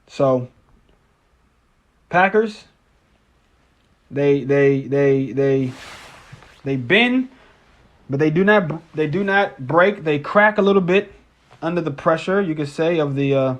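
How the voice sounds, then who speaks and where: Brief: a male sports streamer with a slightly high voice, ranting casually, swearing and stumbling over his words. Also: expressive, slow, pauses often, muffled recording. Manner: rambling, profane, stammering restarts. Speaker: sports live-stream host. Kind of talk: casual post-game live-stream rant.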